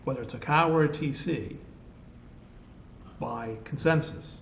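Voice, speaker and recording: A town councilor in a meeting discussion, talking hesitantly and thinking aloud with many restarts. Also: male voice, medium pitch, a little slow, echoey room, a little hiss or hum.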